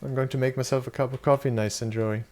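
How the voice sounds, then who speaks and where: A man's voice: medium pitch, fairly even intonation, quick pace, darkish tone. A young German man chatting loosely with his viewers while playing a game, swearing casually and answering chat questions. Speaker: streamer. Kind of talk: casual live-stream chat.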